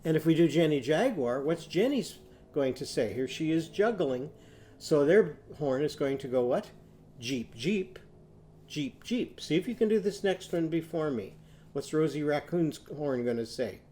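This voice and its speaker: A man teaching young children a phonics lesson, patiently prompting them to repeat after him and sounding out words slowly. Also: fairly high pitch, expressive, warm tone, a little hiss or hum. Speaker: literacy teacher.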